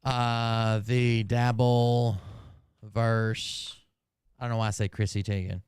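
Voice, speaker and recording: A man's voice: mid-range voice, flat delivery, slow pace, a little mellow, clear, resonant tone, no room sound, studio quality. Rambling, profane male commentator. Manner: rambling and forgetful, loses names, profane asides. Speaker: commentary channel host.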